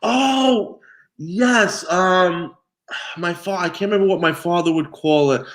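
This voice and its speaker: A man from New York, a guest pizzaiolo, telling stories in a relaxed interview and laughing often. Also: high voice, slow pace. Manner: animated storyteller, laughs often. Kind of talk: casual interview chat.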